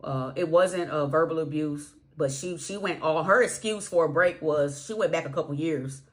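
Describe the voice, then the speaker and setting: A woman's voice: low voice, moderate pace. A woman telling a personal story casually, with emphatic repetition and slang. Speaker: vlogger.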